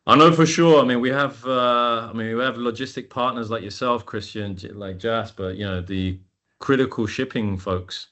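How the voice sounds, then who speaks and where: A man hosting a webinar over a video call, talking in a loose, relaxed way with many fillers. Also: lowish voice, moderate pace, dull audio. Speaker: webinar host.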